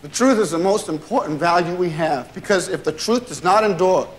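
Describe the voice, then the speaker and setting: Earnest prosecutor, voice cracking. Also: male voice, high voice, animated, a little fast, a little hiss or hum. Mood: impassioned. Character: middle-aged male prosecutor giving impassioned courtroom closing. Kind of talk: film drama.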